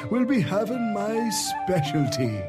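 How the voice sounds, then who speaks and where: A cheerful host in a cartoon, teasing his young guests. His voice leaps up and down with a slow, drawn-out delivery, and a lilt colours every line. Music runs under him. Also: high-pitched, very animated, heavily acted. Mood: jolly. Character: jolly Irish male host serving dinner. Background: backing music.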